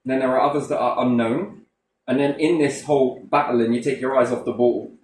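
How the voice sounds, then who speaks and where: Man, mid-pitched, blunt and sweary, rambling rants; distant mic in an echoey room. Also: fairly even intonation, brisk, darkish tone, a little hiss or hum. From Britain. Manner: swears heavily, rambling, full of rhetorical questions. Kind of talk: casual conversational rant. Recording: roomy echo from a distant mic.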